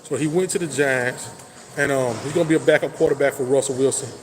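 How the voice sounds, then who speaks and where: A man hosting a casual football talk show, hyping his team with loud, boastful trash talk. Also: mid-range voice, quick pace, slight background noise. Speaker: sports talk host. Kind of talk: casual sports chat.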